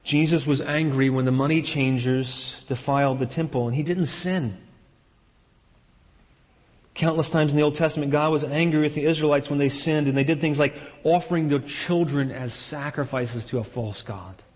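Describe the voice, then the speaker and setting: A pastor preaching a sermon in an earnest way, repeating key phrases for emphasis. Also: male voice, fairly high pitch, normal speed, big-room sound.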